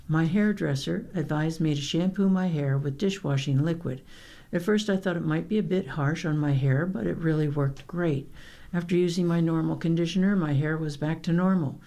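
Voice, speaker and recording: A woman with a low, gravelly voice reads newspaper columns and news aloud for a radio reading service. Her tone is dark and mellow, and her reading is plain and unhurried. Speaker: volunteer newspaper reader. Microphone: radio studio microphone.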